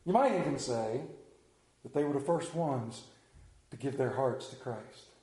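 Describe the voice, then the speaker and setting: A man's voice: medium pitch, a little slow. A man pastor preaching a sermon to a congregation, telling stories animatedly and acting out the voices in them. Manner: animated storyteller, acts out voices. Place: church hall with congregation. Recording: roomy echoing hall.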